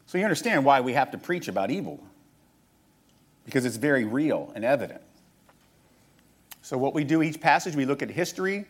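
A man's voice: medium pitch, very animated, brisk, pauses often, breathy edge. A male pastor preaching a sermon, asking rhetorical questions and reading scripture aloud as he teaches.

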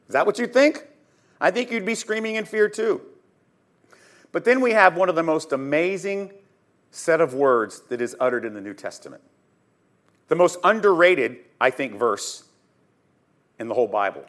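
A man teaching a sermon on scripture, telling the story dramatically and emphatically, swinging between loud and hushed, and putting questions straight to his listeners. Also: on the high side, animated, a little slow, long pauses. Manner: addresses listeners directly with questions. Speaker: Bible teacher.

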